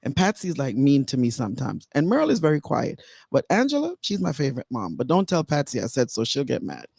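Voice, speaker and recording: A woman's voice: rumbling low, huge pitch swings, fairly quick, vocal fry, a little mellow, husky, dry recording, studio quality. A woman author telling her life story candidly on a radio show, digressing and fighting back tears. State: close to tears. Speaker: author and guest. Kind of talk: emotional personal storytelling.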